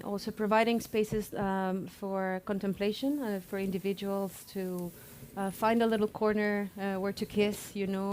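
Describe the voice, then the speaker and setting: Woman speaking at a public talk, even low tone, hesitant and thoughtful, pauses to find words. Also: a little hiss or hum. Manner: hesitant, many fillers, reflective. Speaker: architect, invited speaker. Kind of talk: panel discussion.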